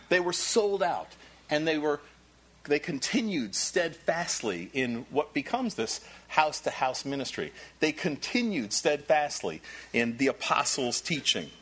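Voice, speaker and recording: A man preaching a sermon as pastor, animated and repeating key phrases for emphasis. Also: a little high, a little hiss or hum.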